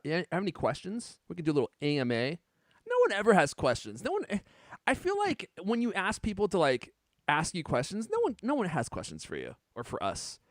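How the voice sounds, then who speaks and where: A chatty man hosting a live tech stream, his slightly high voice leaping up and down as he laughs and reads out viewer comments. The sound is close and dry, with no room echo. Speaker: podcast co-host. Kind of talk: casual live-stream chat. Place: home studio on a live camera stream.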